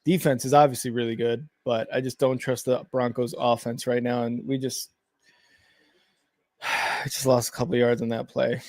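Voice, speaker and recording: A man co-hosts a live game watch-along, chatting casually and calling plays as they happen, rambling with lots of fillers, restarts and self-corrections. His voice is mid-range and darkish, with little pitch movement and a moderate pace, recorded with no room sound.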